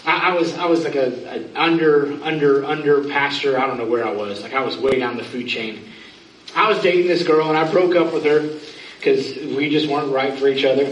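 A man's voice: mid-range voice, brisk, dull audio, a little hiss or hum. A pastor in his thirties giving an earnest, pleading sermon, with self-mocking asides. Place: church sanctuary. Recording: echoey room, from far off.

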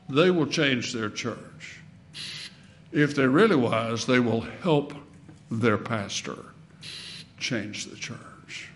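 A man preaching a sermon in a folksy way, asking the congregation questions and swinging between loud emphasis and soft asides. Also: medium pitch.

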